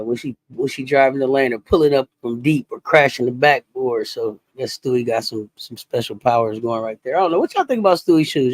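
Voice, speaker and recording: A woman hosting a casual sports talk livestream, animated and chatty, greeting viewers and reacting to chat comments. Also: extremely low pitch, no echo. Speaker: sports talk show host.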